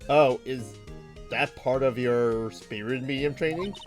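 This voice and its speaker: A man voicing a weary young male lawyer, speaking low, slow and deadpan. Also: faint music behind, close to an everyday voice.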